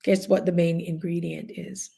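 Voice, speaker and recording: Jamaican woman, middle-aged, low voice, chatty and animated, casual talk. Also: normal speed, gravelly, husky. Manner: animated, laughing, chatty storytelling. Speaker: host. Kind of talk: casual group chat.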